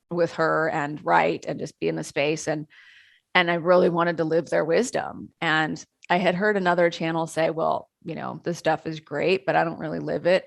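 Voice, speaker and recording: Middle-aged woman guest, deep and a bit gravelly, animated storyteller who laughs often, dry sound. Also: no room sound. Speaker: channeler, interview guest. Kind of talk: conversational storytelling.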